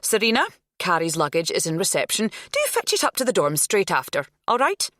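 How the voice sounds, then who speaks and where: A woman voicing a brisk, bossy school staff member who gives clipped orders. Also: on the low side, very animated, fairly bright tone, dry recording, studio quality, voice pushed up.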